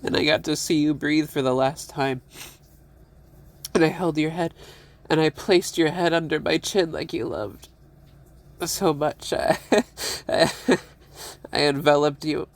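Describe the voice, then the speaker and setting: A tearful man speaks an emotional personal monologue in a slow, unhurried rhythm. His voice has a gravelly edge, and he stops often to repeat himself, with sighs and soft laughs between his phrases. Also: on the high side, fairly even intonation.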